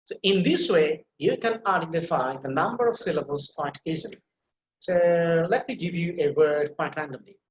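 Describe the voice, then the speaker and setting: A man with a fairly high voice speaks at normal speed while teaching English pronunciation live online. The video-call sound is slightly muffled and reverberant with a little hiss or hum, and he patiently repeats words and restarts phrases as he explains.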